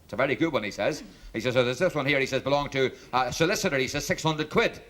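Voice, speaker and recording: A man's voice: medium pitch, quick pace. A man telling jokes on stage as a stand-up comedian, acting out each character in his stories. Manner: punchy storyteller, animated quoting of characters. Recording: 1970s TV stage recording with audience laughter and hiss.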